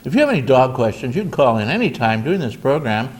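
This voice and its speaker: A man's voice: mid-range voice, very animated, fast talker. Folksy older man hosting a call-in show. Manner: folksy and joking, with many restarts. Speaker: host. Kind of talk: call-in talk show chat.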